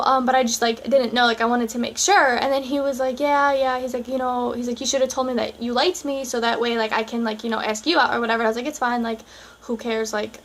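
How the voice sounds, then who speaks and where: A woman's voice: fairly high pitch, flat delivery, fast. A young woman vlogger telling a personal story in a casual, chatty way, full of "like" and acted-out dialogue.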